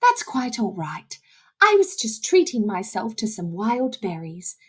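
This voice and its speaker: A woman voicing a gentle, polite doe who offers kindly to share her food. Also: mid-range voice, wildly swooping pitch, a little slow, slightly rough, exaggerated voice.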